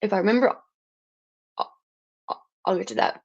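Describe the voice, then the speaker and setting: A woman's voice: mid-range voice, very animated, normal speed, creaky, breathy edge, lo-fi sound. A woman livestreaming an angry, profane rant, stumbling and restarting words as she gets heated.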